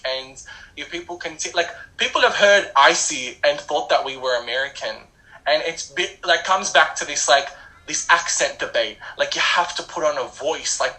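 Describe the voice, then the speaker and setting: A man's voice: a little high, poor audio. A young Australian man, a rapper, talking bluntly in a casual interview, with frequent "like" fillers. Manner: animated, blunt, says "like" often. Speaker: rapper guest.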